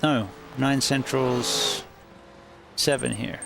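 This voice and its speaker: Male sim-racing streamer, gravelly voice, casual rambling chat, noisy background. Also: mid-range voice, very slow. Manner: relaxed, rambling with restarts.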